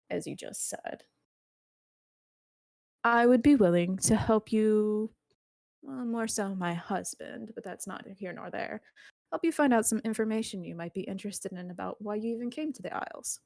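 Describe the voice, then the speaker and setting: A woman voicing a poised, scheming businesswoman who speaks in a smooth, measured, courteous way. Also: mid-range voice, darkish tone, dry recording, clean studio sound, close to an everyday voice. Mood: silky, businesslike.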